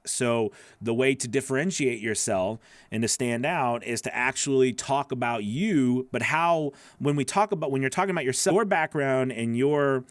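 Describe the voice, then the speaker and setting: Male voice-over coach, mid-pitched, casual and encouraging live critiques full of fillers; dry, close sound at home. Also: clean tone, no room sound. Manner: casual, encouraging, repeats phrases with many fillers. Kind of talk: live critique of freelance gig pages.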